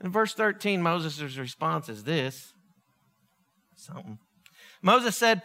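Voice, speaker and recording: A man preaching a sermon, telling the story in an animated, joking way. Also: fairly high pitch, slow pace. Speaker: pastor. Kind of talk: humorous sermon.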